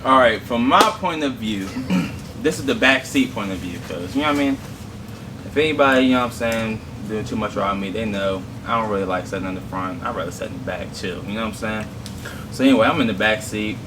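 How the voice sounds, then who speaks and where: A relaxed young man telling his side of a story in easy slang. He keeps checking in with "you know what I mean". He sounds distant from the mic, with steady noise in the background. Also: lowish voice, fast. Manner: laid-back, slangy, keeps asking "you know what I'm saying". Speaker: mukbang co-host. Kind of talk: casual storytelling.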